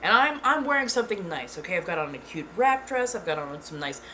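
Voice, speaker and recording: A woman talks in relaxed, casual storytime mode, with a bright, forceful tone sitting a little low. She gets animated and swears freely. Faint ambience sits behind her. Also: quick pace, a little hiss or hum. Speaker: ASMR channel host.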